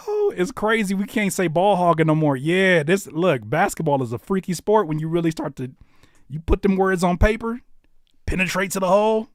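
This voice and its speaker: A man hosting a live stream, reacting to viewer music with animated, slangy, profane joking banter and teasing the chat. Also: on the high side, no echo, clean studio sound. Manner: reads out chat comments and teases viewers.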